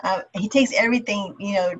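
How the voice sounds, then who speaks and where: A woman's voice: medium pitch, brisk, slight background noise. A woman hosting a podcast who chats casually and laughs easily while she interviews a guest. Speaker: podcast host. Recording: dull lo-fi sound.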